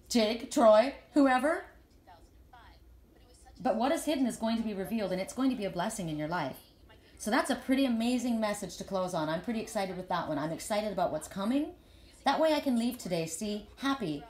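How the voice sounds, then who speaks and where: A woman's voice: medium pitch, echoey room. A woman speaking as a spiritual reader and healer in a casual live chat to her followers. She talks earnestly and rambles, often repeating words as she starts a sentence.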